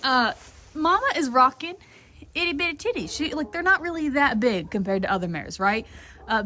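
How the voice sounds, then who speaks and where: A woman's voice: a little high, fairly bright tone, a little hiss or hum. A woman in a barn at night, chatting casually and rambling as she talks to her horses and viewers. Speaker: horse breeding farm foaling attendant. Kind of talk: casual vlog chat.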